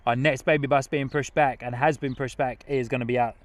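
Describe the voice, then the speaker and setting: A young man hosts a live stream outdoors, chatting easily and laughing as he reads comments aloud. His voice sits at an ordinary pitch. The sound is dry, with little room around it. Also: steady tone, a little fast, dry recording. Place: outdoors at an airport viewing spot.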